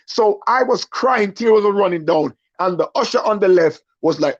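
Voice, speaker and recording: A husky young man tells a stand-up story, bringing the people in it to life with their own voices. His voice sits a little high for a man. The recording is muffled and lo-fi. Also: normal speed. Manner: animated storyteller, acts out voices, asks the audience. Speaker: comedian.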